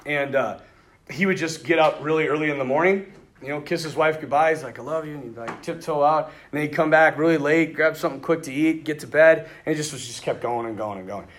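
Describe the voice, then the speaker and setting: A priest speaking to a group of men, telling lively stories with quoted dialogue and frequent laughter. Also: male voice, fairly high pitch, quick pace. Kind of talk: storytelling talk to a men's retreat.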